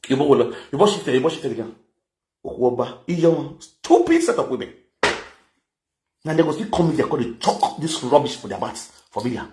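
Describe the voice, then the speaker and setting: Brisk and expressive, the man's fairly high voice has a darkish tone as he scolds and insults in a heated vlog rant. He speaks with a Nigerian accent, and the recording has room echo and faint background noise.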